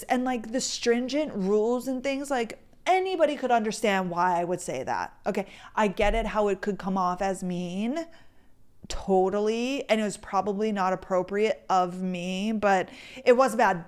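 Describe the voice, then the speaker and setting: A young woman in her twenties hosting a podcast, telling a story in a chatty, animated, self-deprecating way. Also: mid-range voice, clear, resonant tone. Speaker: podcast host. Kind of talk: casual storytelling chat.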